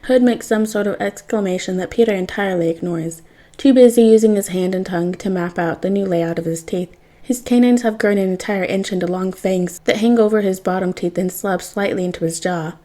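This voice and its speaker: A woman reading fan fiction aloud in a wry, expressive way. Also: mid-range voice, a little fast. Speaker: podfic reader.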